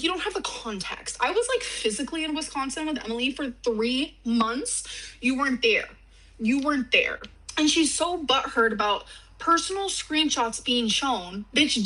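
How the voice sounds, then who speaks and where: A woman's voice: high voice, a bit bright, low-quality recording. A woman in a vlog clip, ranting defensively with a sarcastic edge. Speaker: vlogger in a clip being reacted to. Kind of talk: casual vlog rant.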